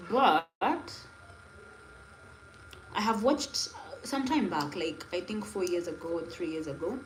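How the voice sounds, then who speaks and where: A young woman from Kenya with a Kenyan accent, chatting casually and rambling to viewers on her live stream. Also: medium pitch. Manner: chatty, rambling, laughing asides. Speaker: livestreamer. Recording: echoey room with faint noise.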